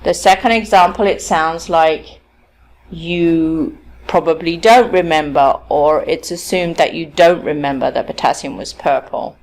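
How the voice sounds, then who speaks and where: Woman lecturing, kinda low voice, keeps saying okay, acts out example sentences. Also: unhurried, a little mellow. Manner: explanatory, frequent checking "okay?"; demonstrates stress and intonation on example sentences. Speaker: university lecturer. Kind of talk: recorded academic lecture.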